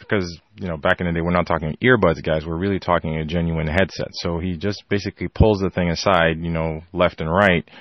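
A man telling a personal anecdote to his listeners, animated and rambling, leaning on filler phrases and acting out his family's lines. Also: lowish voice, dry recording, highs cut off. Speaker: storyteller. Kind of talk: personal anecdote told to an audience.

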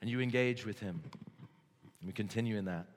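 A man preaching a sermon as pastor, swinging from hushed, low passages to loud, excited stretches. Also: brisk. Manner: dynamic, swings from hushed to shouting. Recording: long hall reverb.

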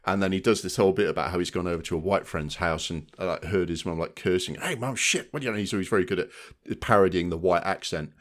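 A man's voice: deep voice, steady tone, fast, few pauses. A man co-hosting a film podcast, talking casually and often checking in with "do you know what I mean". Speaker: podcast co-host. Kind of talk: casual chat.

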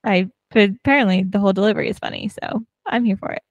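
An upbeat woman co-hosting a podcast, talking freely and laughing often. Her voice has a middling pitch. The sound is dry and close-miked. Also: fast talker, no room sound. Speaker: podcast co-host. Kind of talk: casual chat.

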